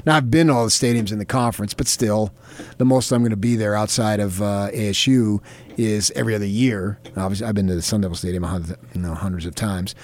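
A man's voice: fairly low pitch, steady tone, quick pace, a little mellow. A man co-hosting a sports talk show, telling stories in a rambling way with many fillers. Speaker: sports reporter and co-host. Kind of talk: casual chat.

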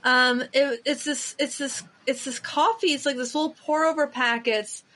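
A woman's voice: high-pitched, fairly even intonation, moderate pace, a bit bright. A woman co-hosting a podcast in casual chat, rambling with frequent restarts and fillers. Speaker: podcast co-host.

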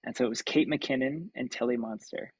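A man in his thirties from Kansas, a puppeteer telling stories in a casual interview, animated and full of filler words. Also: medium pitch, a little fast, breathy edge, no echo, rough recording. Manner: animated anecdote-telling, acts out quoted voices, many ums. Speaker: puppeteer and actor, guest.

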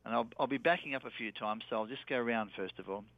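A man's voice: medium pitch, quick pace, no echo. Australian man over a dry phone line. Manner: steady, instructive, with fillers. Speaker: guest, sales trainer. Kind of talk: explaining a sales method.

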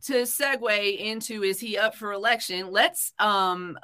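A woman's voice: mid-range voice, unhurried, pushed and bright. A woman hosting a casual livestream chat, talking heatedly with frequent swearing, fillers and restarts. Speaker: livestream host. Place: home livestream.

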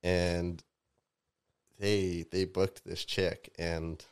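A man with a very low voice from Tampa tells stories as a podcast guest. His telling is animated, and his voice shoots up when he acts out what other people said. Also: very slow, clean tone. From Tampa, Florida. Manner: animated storyteller, voices rise sharply in quoted outbursts. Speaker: podcast guest, DJ and music producer. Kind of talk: casual storytelling chat.

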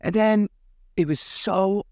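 A man's voice: sits high, takes it slowly, no echo, studio quality. A man in his thirties hosting a podcast, casually retelling a story and acting out the quoted dialogue. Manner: chatty, retells dialogue with animated quoted voices. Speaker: podcast host.

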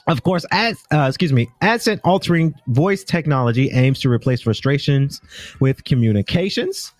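A man's voice: medium pitch, lively intonation, normal speed, no room sound, soft background music. American male podcast host, mid-range voice, loose rambling delivery full of restarts, dry close recording. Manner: rambling, stumbles and corrects himself often. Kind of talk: casual tech news commentary.

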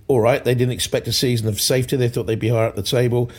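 A man's voice: mid-range voice, fairly even intonation, racing, darkish tone, breathy edge. A man co-hosting a football podcast in casual chat, talking emphatically, rambling and repeating himself, over a video call. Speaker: podcast co-host.

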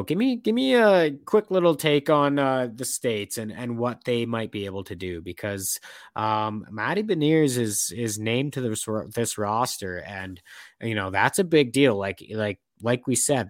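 A man's voice: mid-range voice, lively intonation, moderate pace, dry recording, clean studio sound. A young man co-hosting a casual sports chat, rambling with lots of fillers and restarts.

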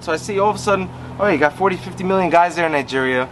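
A rabbi, telling stories in an animated way and acting out quoted voices, talking on a city stoop. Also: male voice, high voice, fast talker, few pauses, a little hiss or hum. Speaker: rabbi guest on a podcast. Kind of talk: casual storytelling conversation.

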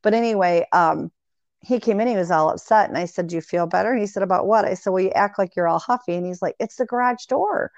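A woman in casual conversation, telling long animated anecdotes full of quoted dialogue. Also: on the low side, fast talker, dry recording. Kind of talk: casual storytelling chat. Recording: dry, dull lo-fi sound.

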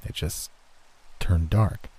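A man narrating a first-person horror story in a steady, scripted storytelling manner. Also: takes it slowly.

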